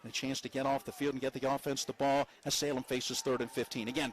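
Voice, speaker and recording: A man with a West Virginian accent calling a high school football game live, reading sponsor spots between plays and climbing in pitch on big plays. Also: slight background noise. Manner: fast, rising excitement on big plays, chatty asides. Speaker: play-by-play announcer. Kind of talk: live sports commentary with sponsor reads.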